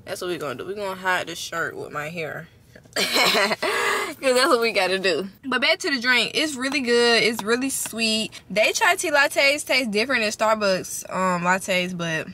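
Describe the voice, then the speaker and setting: A young woman vlogging casually to camera from inside her parked car, chatty and expressive, swearing freely and talking to her viewers as y'all. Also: mid-range voice, normal speed, few pauses. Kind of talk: casual vlog talk to camera.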